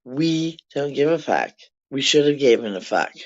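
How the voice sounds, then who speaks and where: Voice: mid-range voice, animated, moderate pace. A vlogger in their sixties ranting to camera in a blunt, profane, rambling way from their apartment. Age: 60s. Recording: dull lo-fi sound.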